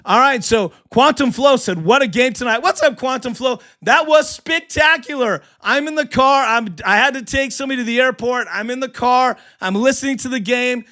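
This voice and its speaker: A man hosting a sports live stream, talking with hyped excitement and firing back at chatters. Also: very high voice. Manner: hyped, fast, heckling chatters. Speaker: sports livestream host.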